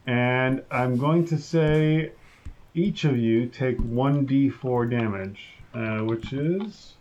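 Male game master, slow and hesitant, slightly muffled home recording. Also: medium pitch, a little mellow. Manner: slow, halting, with many fillers. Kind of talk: running a tabletop game online.

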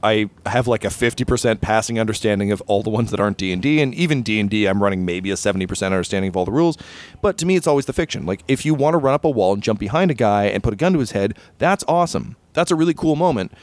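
A man's voice: fairly low pitch, racing, no echo. A man chatting casually on a podcast as a game master, telling stories with lots of acted-out quotes. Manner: animated storyteller, acts out quoted voices.

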